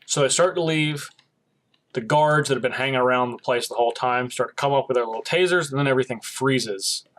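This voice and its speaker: A man's voice: mid-range voice, a little fast. A man co-hosting a podcast, retelling an episode's plot in casual chat and acting out the characters' lines. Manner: animated storytelling, acting out quoted lines. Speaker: podcast co-host.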